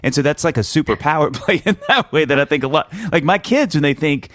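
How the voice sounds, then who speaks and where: A man's voice: a little high, animated, fast talker, a bit bright, no room sound, studio quality. A middle-aged man hosting a podcast, talking enthusiastically and rambling with stammered restarts. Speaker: podcast host. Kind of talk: casual podcast chat and ad read.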